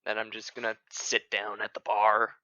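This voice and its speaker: Bright-voiced man on a dull headset. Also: on the low side, monotone, moderate pace, no echo. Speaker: player. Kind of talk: casual tabletop game chat.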